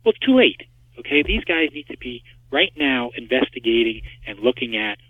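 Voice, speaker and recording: A man's voice: mid-range voice, sing-song, moderate pace, husky, dry recording. A man being interviewed by phone as a market expert, talking emphatically and driving his points home with rhetorical questions. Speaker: market structure expert guest. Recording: tinny phone line, dry.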